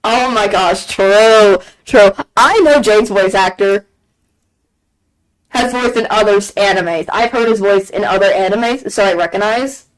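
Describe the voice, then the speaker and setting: A woman streaming a game and chatting casually, gushing excitedly, repeating herself and laughing often. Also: medium pitch, measured pace, rough recording. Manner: excited gushing fan talk, frequent laughs and repeated phrases. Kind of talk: casual chat on a live stream.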